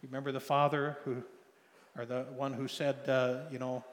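A middle-aged man preaching a sermon, telling a personal story with emotional swings from loud pleading to soft hushed tones. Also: medium pitch, flat delivery, normal speed. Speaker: pastor. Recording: long hall reverb.

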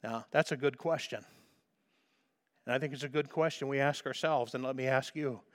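A man's voice: mid-range voice, normal speed. A man preaching a sermon as a pastor, fervent and emphatic, repeating phrases for emphasis.

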